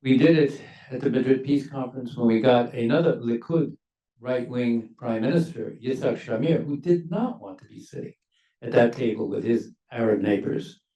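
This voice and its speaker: An older man, a former ambassador, speaking on a university panel in a measured, emphatic way that leans on key words. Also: mid-range voice, dark tone, lo-fi sound. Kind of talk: panel discussion remarks. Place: university lecture hall. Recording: echoey hall, mic at a distance.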